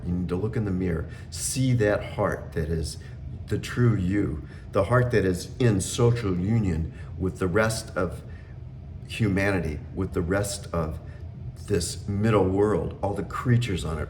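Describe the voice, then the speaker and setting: A middle-aged man giving an earnest, unhurried spiritual talk, pausing often with fillers. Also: deep voice, a little mellow, a little hiss or hum.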